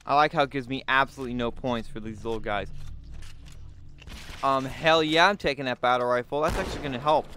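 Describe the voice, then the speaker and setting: A young man commentating on a shooter game, swearing and getting frustrated, yelling at the enemies. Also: mid-range voice, brisk, slight background noise. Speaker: gaming commentator.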